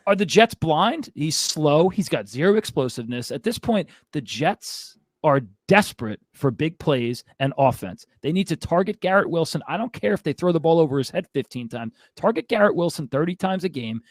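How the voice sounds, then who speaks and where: A man's voice: on the high side, very animated, moderate pace, few pauses, no room sound, clean studio sound. A man hosting a fantasy football show, ranting in an exasperated, casual way. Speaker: fantasy football podcast host. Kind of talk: casual sports commentary.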